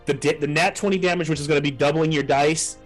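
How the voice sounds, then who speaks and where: Man game master for an online tabletop session, slightly high-pitched, feels his way through scenes with restarts. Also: fairly even intonation, soft background music. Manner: halting descriptive narration with frequent restarts.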